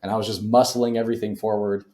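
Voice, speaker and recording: A man's voice: fairly low pitch, level tone, fast, dark tone, roomy sound. A man telling a story as a real estate investor guest in a podcast interview, speaking emphatically and in a motivational way.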